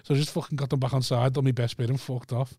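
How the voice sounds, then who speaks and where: A man's voice: mid-range voice, level tone, quick pace, warm tone, slightly rough, dry recording, clean studio sound. A man co-hosting a comedy podcast, telling stand-up stories in sweary, laughing banter. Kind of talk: casual banter.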